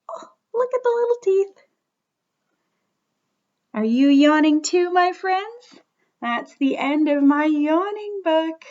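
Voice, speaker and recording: A young woman, a children's librarian reading a bedtime story aloud, gently and playfully coaxing little listeners to join in. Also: high voice, lo-fi sound. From Canada.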